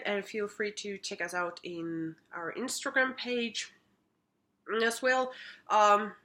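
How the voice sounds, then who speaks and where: A woman's voice: medium pitch, sharp tone, a little hiss or hum. A woman chatting casually to camera in a vlog, cooing baby talk to her small pet between updates. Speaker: makeup artist vlogger.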